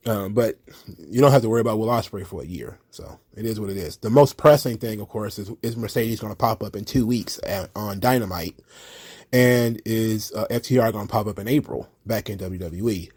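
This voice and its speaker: A man's voice: fairly low pitch, a little fast, darkish tone, breathy edge, no room sound. A man hosting a casual wrestling commentary show, blunt and profane, rambling with lots of fillers.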